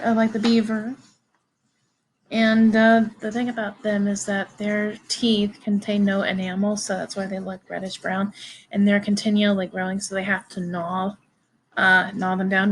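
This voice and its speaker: A woman giving a recorded biology lecture to students, halting and informal, with many fillers and restarts. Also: medium pitch, slight background noise, rough recording. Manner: informal, addresses students directly.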